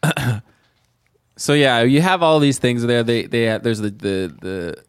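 A man's voice: medium pitch, unhurried, clear, resonant tone, dry recording, studio quality. A man co-hosting a casual film-review podcast, speaking in a laid-back way with short replies. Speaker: podcast co-host.

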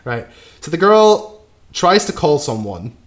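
A man casually recapping a horror film's plot, trailing off quietly and tagging "right?" onto his sentences. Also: fairly high pitch, very animated, slow pace. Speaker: podcast co-host recapping a film. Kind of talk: casual chat.

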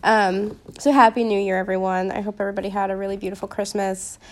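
A woman's voice: medium pitch, little pitch movement, fast. A young woman hosting a casual Christian podcast, with a slight Upper Midwestern accent, chatty and rambling with many ums and restarts. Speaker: podcast host.

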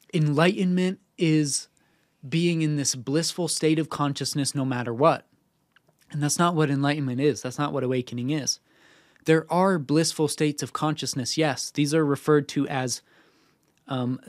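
A man's voice: fairly high pitch, no room sound, studio quality. A young man hosting a podcast, telling a personal story in an earnest, casual way with fillers and restarts. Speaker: podcast host. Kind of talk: casual spiritual talk.

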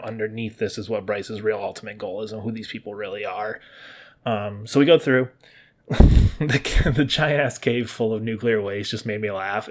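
A mid-pitched man talks casually through a game's plot as a commentator. His speech is loose and full of likes and restarts. Now and then he briefly mimics the characters' lines in livelier voices. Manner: chatty, with lots of likes and restarts. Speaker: video game commentator. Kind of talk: casual spoiler recap monologue.

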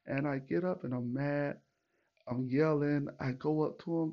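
A man tells a story in a loose, animated and profane manner, putting on the voices of the people in it. His voice sits a little high and has a gravelly edge. The recording sounds dull and lo-fi. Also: moderate pace. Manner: animated, profane, retells with acted quotes. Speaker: podcast host. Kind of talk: casual storytelling monologue.

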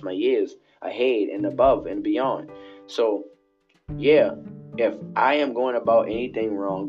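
A man's voice: lowish voice, a little mellow. A man hosting his own podcast alone in his bathroom, rambling and preaching in a late-night monologue that keeps circling back and repeating itself. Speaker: podcast host. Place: bathroom at home. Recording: dull lo-fi home recording with faint music.

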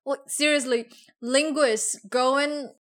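Slow-talking curious woman. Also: high-pitched, fairly even intonation, fairly bright tone. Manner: curious, asks follow-up questions. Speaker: podcast co-host. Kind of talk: casual chat.

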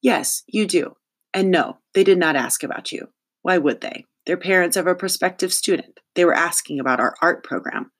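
A fussy school principal with a prim, scolding way of talking, pitched well up and lively. A narrator puts her on in a storybook reading. She corrects and lectures in a neat, proper tone. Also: moderate pace, natural voice. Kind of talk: audiobook character voice.

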